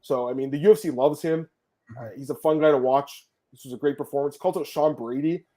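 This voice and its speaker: A man hosting a casual sports podcast, talking fast and excitedly, swearing and laughing often. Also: fairly high pitch. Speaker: podcast host.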